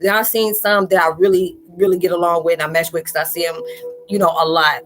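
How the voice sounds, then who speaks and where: A woman's voice: lowish voice, level tone, quick pace, over music. A spiritual vlogger talking casually and loosely to her viewers, repeating "you know" as she goes. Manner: chatty, loose, talks straight out with lots of "you know".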